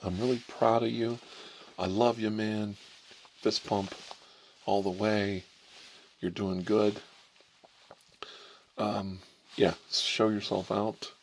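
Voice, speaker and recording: A man's voice: fairly low pitch, flat delivery, slow, pauses often, slight background noise. A man from Ohio hosting a comedic ASMR role-play as an examining doctor. He is a rambling, irreverent storyteller who keeps digressing and laughing at his own jokes. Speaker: channel host playing an examining doctor. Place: indoors, smoking a cigarette.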